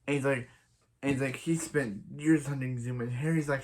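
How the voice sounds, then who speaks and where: A man recaps a TV episode in a loose, rambling way, stringing scenes together with endless filler and restarts. His voice sits at a medium pitch, and he quotes the characters without changing his tone. It sounds like a casual review. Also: steady tone, moderate pace, darkish tone. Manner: rambling, retells scenes with constant "he's like" and filler "so, yeah". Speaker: TV show reviewer.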